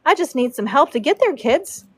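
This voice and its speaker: A woman's voice: sits high, sing-song, brisk, no echo. A woman voicing a seasoned older female horse braider who talks in a matter-of-fact way and calls people son.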